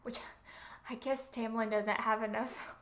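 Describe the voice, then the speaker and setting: A woman's voice: fairly high pitch, flat delivery, a little slow. A young woman co-hosting a podcast in casual book-discussion chat, chatty and laughing often, with fillers. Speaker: podcast co-host.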